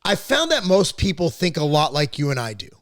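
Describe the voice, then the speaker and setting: Very animated and a little high, the man speaks fairly quickly over dry, clean studio sound. As a podcast host discussing politics casually and at length, he's blunt and opinionated, swears here and there, and rambles with frequent restarts and repeated words.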